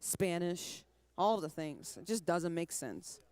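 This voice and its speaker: A woman in her twenties, a musician from Trinidad, laughs her way through a breezy interview, chatting and dropping quick asides. Her speech is American with a light Caribbean undertone. Her voice runs low and a touch mellow, with big swings in pitch.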